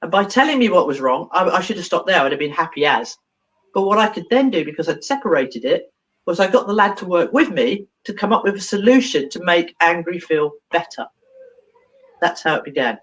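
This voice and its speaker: A woman with a low-leaning voice talks fairly quickly on a low-quality recording. She's a therapist being interviewed, telling a story with animation, voicing the characters and laughing often.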